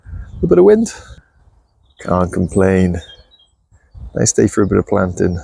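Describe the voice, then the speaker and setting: A man chatting casually while he shows his farm and garden, relaxed and self-deprecating, with a clip-on mic. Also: low voice, measured pace, no room sound. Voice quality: gravelly. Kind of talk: casual walk-and-talk vlog. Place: outdoors on a farm and in a polytunnel. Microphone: clip-on mic on clothing.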